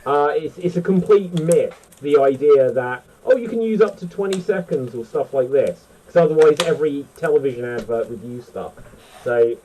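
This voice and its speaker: A man's voice: fairly high pitch, animated, normal speed, dark tone, far from the mic, slight background noise, rough recording. A man hosting a casual online panel chat, rambling and correcting himself as he talks. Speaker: host.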